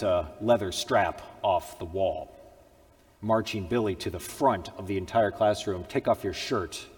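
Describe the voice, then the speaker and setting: A man preaching a sermon and telling a story. His delivery is dramatic, rising to loud proclamations and dropping to hushed tones. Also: sits low, in a large hall.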